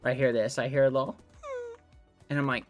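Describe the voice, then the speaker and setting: A man's voice: medium pitch, little pitch movement, a little fast, music in the background. A man streaming a game, chatting casually with his viewers and rambling through a story full of fillers, from his room at home. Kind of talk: casual gameplay stream chat.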